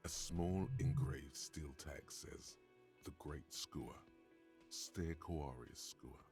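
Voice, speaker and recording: A man voicing a wry, knowing narrator in a video game, speaking in dry, deadpan lines. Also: very deep voice, takes it slowly. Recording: game audio with faint music behind.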